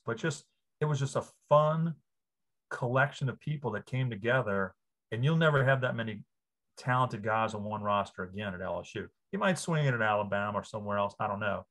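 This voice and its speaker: A man's voice: medium pitch, brisk. Enthusiastic middle-aged man telling stories. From New Orleans area, Louisiana. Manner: enthusiastic, animated storyteller. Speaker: guest, sportswriter. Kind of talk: casual interview.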